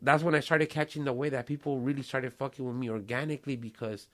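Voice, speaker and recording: A man's voice: medium pitch, fairly even intonation, fast talker, fairly bright tone. A man, hosting a casual podcast chat and talking streetwise slang with Spanish phrases and swearing. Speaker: podcast host.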